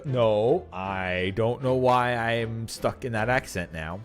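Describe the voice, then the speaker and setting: A man's voice: medium pitch, takes it slowly. Jokey man commenting over a game. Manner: jokey, animated asides. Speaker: let's play streamer. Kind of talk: casual gameplay commentary and reading aloud. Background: game music.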